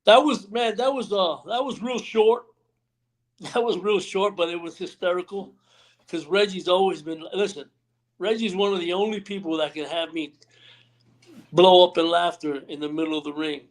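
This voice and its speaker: A man with a high-pitched voice, speaking at a normal speed, joins a live stream interview as a guest. He's a retired pro wrestler who tells rambling backstage stories, acting out what other people said and tossing in plenty of "you know what I mean." The audio comes through a remote live stream call.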